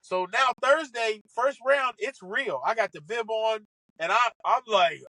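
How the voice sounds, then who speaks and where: An excitable man tells comic stories as a podcast guest, slipping into the voices of the people in them. His voice sits a bit high and rings bright and forceful. The sound is close and dry, with no room in it. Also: a little slow, no echo, poor audio. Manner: animated, excitable, acts out quoted lines. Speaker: podcast guest, comedian and golf broadcaster. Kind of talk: casual comic storytelling.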